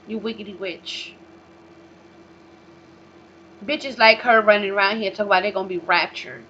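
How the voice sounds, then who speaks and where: A woman's voice: fast talker, few pauses. Profane ranting woman on a lo-fi vlog. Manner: profane, emphatic, swings between loud outbursts and low mutters. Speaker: vlog host. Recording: dull lo-fi recording with faint noise.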